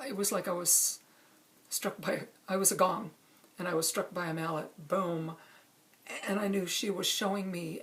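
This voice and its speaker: A middle-aged woman calmly telling a true personal story, with measured pauses. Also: mid-range voice. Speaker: speaker sharing a personal story.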